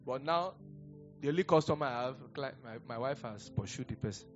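A man's voice: mid-range voice, lively intonation, fairly quick. A middle-aged man with a Nigerian accent, a pastor preaching a sermon in a chatty, rambling way, breaking off into stories with chuckles. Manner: conversational, digressive storytelling with chuckles. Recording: dull lo-fi sound with faint music.

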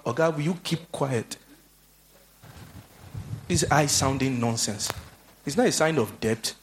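A man's voice: moderate pace, pauses often, slight background noise. A man preaching a sermon, telling stories animatedly and acting out the voices of the people he quotes. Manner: animated storytelling, acts out quoted voices in a high pitch.

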